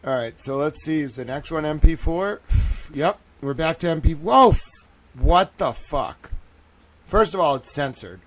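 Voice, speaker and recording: A man hosting a live reaction stream, swearing freely and swinging between low mutters and loud exclamations. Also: normal speed.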